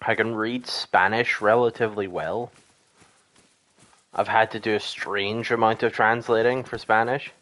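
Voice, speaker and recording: Tired low-voiced man streaming a hunting game. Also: steady tone, measured pace, a bit bright. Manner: mumbling, swearing, joking mock Russian accent. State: tired, exhausted. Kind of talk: casual gameplay commentary.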